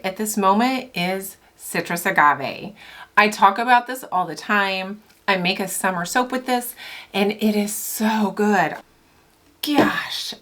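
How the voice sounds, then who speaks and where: A small business owner reviews fragrance oils in a casual product vlog. Her medium-pitched voice sounds bright, and she's chatty and enthusiastic, laughing and tossing in asides as she goes.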